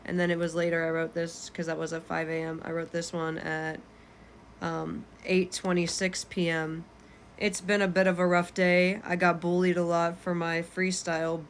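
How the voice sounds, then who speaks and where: Low, flat-voiced young woman reading aloud. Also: normal speed, slight background noise. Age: 20s. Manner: candid, unfiltered, swears casually. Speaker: vlogger. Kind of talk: reading her journal aloud.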